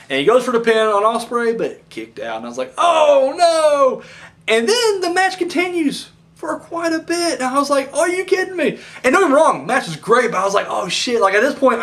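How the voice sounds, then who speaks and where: Animated high-voiced man reviewing wrestling. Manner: rambling and animated, acts out quotes in voices, swears freely. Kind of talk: casual review vlog.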